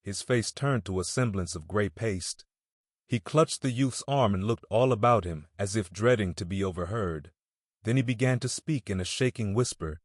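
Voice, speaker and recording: A man reading a classic novel aloud as an audiobook narrator, in a measured, steady way. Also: on the low side, dry recording, clean studio sound.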